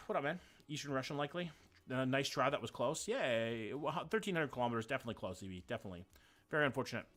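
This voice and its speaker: During a live gaming stream, a man with a medium-pitched, slightly bright voice chats casually. He thinks aloud, lets the occasional swear slip and greets viewers by name.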